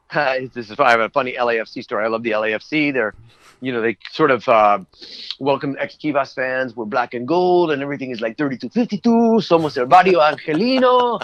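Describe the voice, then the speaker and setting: A man's voice: medium pitch, lively intonation, brisk, fairly bright tone, no echo, lo-fi sound. A man who works as a voice actor, chatting as a guest in a casual interview and telling rambling anecdotes.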